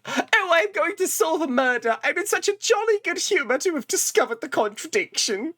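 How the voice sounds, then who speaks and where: A woman's voice: extremely high pitch, very animated, normal speed, fairly bright tone, no echo, voice pushed up, heavily acted. A woman voicing a pompous, cheery male detective in a cravat, with a theatrical, posh manner. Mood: jolly. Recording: game music playing behind.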